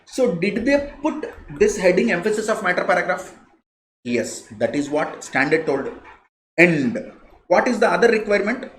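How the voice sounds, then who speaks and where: A man with an Indian English accent teaches a live class, leaning on his points by repeating them. His pitch swings widely as he stresses words. The sound is roomy and echoey, with a little background hiss. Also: sing-song, normal speed, a bit bright. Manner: repeats key phrases, emphatic, conversational. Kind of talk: live online lecture. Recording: echoey room, faint noise.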